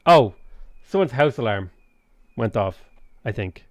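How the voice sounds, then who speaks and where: A man's voice: mid-range voice, lively intonation, unhurried, no echo, highs cut off. An Irish man streaming a strategy game, chatting in a rambling, foul-mouthed way and reading out chat. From Ireland. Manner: rambling, swears freely, reads chat aloud. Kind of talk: casual chat while playing a strategy game.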